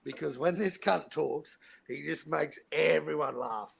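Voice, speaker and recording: A man's voice: on the high side, a little slow, creaky, slightly rough. A man with an Australian accent hosting a casual, rowdy chat, swearing freely as he tells stories. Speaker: podcast host.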